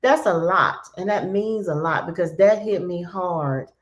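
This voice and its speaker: A woman hosts an interview in a fairly low voice. She speaks earnestly and with open emotion, full of gratitude toward her guest. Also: measured pace, dull audio. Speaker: host.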